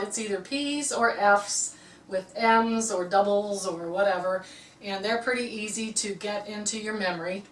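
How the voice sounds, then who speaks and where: A woman's voice: medium pitch, a bit bright, recorded from a distance. A woman teaching a harp lesson, explaining music terms patiently and often checking in with "okay". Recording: roomy, from off-mic.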